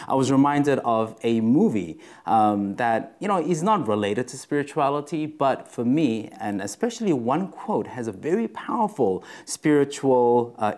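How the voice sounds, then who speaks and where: Lively, conversational male preacher. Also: medium pitch. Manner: conversational, with frequent fillers and "right?" check-ins. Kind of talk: sermon.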